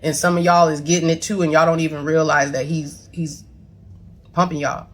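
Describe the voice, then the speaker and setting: A woman's voice: sits low, flat delivery, moderate pace. A middle-aged woman talking blunt and profane straight to camera, emotional and on the verge of tears as she defends herself to her son's followers. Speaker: mother responding to her son online.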